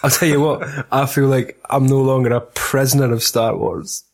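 A man's voice: medium pitch, steady tone, moderate pace, vocal fry, a little mellow. A Scottish man hosting a film podcast in casual chat, full of giggly, sweary banter. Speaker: podcast host.

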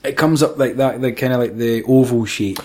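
A man's voice: mid-range voice, a little fast, darkish tone. A Scottish man co-hosting a casual film review chat, sweary and laughing, acting out silly voices. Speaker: podcast co-host.

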